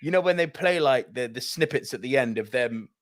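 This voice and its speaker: Animated swearing man, lively pitch. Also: fairly quick. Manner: animated, swears a lot, laughs often, acts out movie quotes. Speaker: podcast co-host. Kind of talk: casual movie podcast chat.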